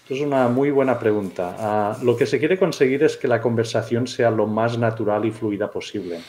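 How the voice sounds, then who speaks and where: A man's voice: medium pitch, quick pace, a little mellow. A man answering questions on a video call in a casual, thoughtful way, with a few hesitant fillers.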